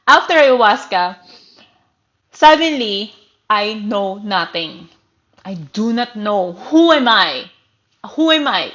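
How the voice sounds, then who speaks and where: A woman in her thirties with a Filipino accent speaking earnestly and emotionally in a personal livestream, often halting as she searches for words. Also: on the high side, fairly bright tone, highs cut off. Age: 30s. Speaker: livestream host.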